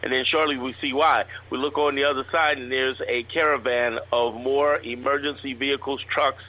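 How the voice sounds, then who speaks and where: Bright-voiced man telling a rambling story. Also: mid-range voice, fairly even intonation, normal speed, lo-fi sound. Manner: rambling anecdotal telling with restarts. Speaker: guest entrepreneur. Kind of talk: casual interview storytelling.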